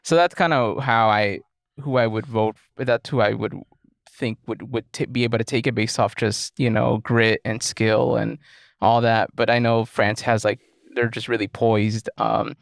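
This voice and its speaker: Gravelly, easygoing man chatting sports. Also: medium pitch, steady tone, no echo, clean studio sound. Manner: halting, many fillers and restarts, easygoing. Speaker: podcast co-host. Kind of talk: casual sports chat.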